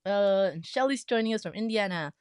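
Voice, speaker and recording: A woman's voice: mid-range voice, fairly quick, clear, resonant tone, no room sound, clean studio sound. Chatty woman hosting a livestream. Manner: chatty, greets viewers with bursts of excitement. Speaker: livestream host of a quilting group. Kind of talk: casual livestream chat.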